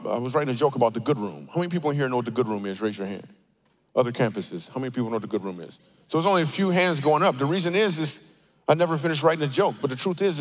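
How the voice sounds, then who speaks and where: A man preaching a comedic sermon in a church auditorium, telling stories with animated, playful asides. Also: a little high. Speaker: guest speaker.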